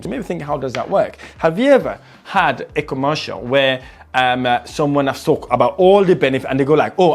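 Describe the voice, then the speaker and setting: A man teaching sales techniques as a trainer, shifting his pace and loudness to stress points and repeating words for emphasis. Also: a little high. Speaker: sales trainer and property investor. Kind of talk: motivational sales lesson.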